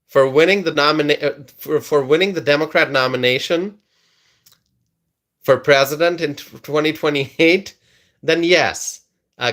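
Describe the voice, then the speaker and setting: A man's voice: fairly high pitch, a bit bright. A man hosting a political live stream, who laughs often, repeats his words and reads viewer comments aloud. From United States.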